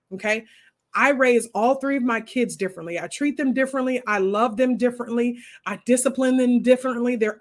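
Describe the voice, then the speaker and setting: A woman, hosting a casual homeschooling chat and talking straight to her viewers with lots of asides. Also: a little high. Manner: animated, talks straight to viewers with many asides. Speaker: homeschooling host answering viewer comments.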